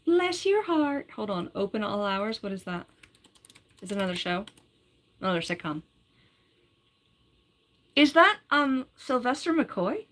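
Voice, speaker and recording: A woman's voice: mid-range voice, animated, measured pace, pauses often, a bit bright. A woman hosting her own live stream. She chats casually, reads out viewer comments, giggles often and says "like" a lot. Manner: chatty, giggly, full of "like". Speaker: livestreamer.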